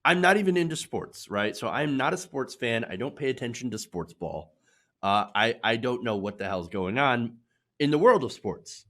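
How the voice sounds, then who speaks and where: A man from Michigan hosting casual political commentary, sarcastic and quick to laugh. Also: medium pitch, animated, pushed and bright. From Michigan, USA.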